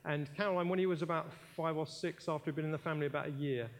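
A man's voice: a little high, steady tone, racing. A British man preaching a sermon in a church, emphatic, repeating key phrases and telling anecdotes with jokey asides.

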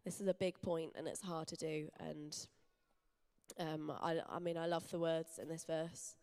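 Young woman, lowish voice, conversational church sermon, earnest. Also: steady tone, measured pace, a little mellow, clear, resonant tone. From England. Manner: earnest, personal, conversational preaching. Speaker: church speaker. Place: church hall.

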